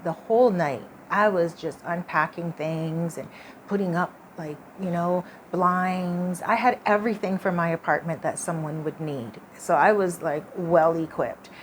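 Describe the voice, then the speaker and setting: A woman's voice: fairly low pitch, measured pace, a little hiss or hum. A woman vlogger telling a personal story in a chatty, casual way, full of "like" and "you know".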